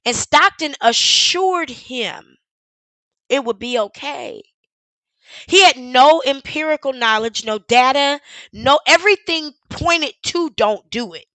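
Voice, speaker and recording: A woman's voice: sits high, expressive, slow pace, pushed and bright, no echo, rough recording. A woman streamer giving sarcastic live commentary on a news clip, firing off blunt rhetorical questions and the odd swear word.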